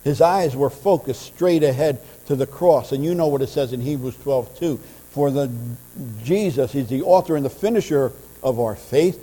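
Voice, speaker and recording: Male pastor, mellow tone, impassioned sermon delivery, church hall reverb. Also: mid-range voice, moderate pace. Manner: earnest preaching, swelling louder in passionate runs. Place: church sanctuary. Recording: church audio with long reverb and mains hum.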